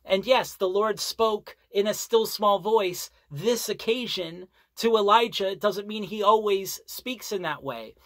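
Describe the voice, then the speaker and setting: A Bible teacher giving an earnest sermon, reading scripture aloud and explaining it with deliberate repetition. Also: mid-range voice, fairly bright tone, dry recording. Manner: earnest, deliberate, repeats key phrases for emphasis.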